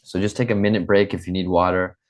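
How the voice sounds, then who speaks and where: Over a video call's computer mic, a very low-voiced man from the Midwest teaches a live English lesson online. His delivery is flat, slow and plain, with frequent repetition and "okay" check-ins with his students.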